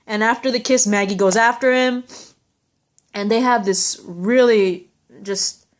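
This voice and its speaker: Chatty young woman, slightly high voice. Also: fairly even intonation, a little slow. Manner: rambling and heartfelt, with many fillers. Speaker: TV episode recapper. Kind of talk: casual episode recap.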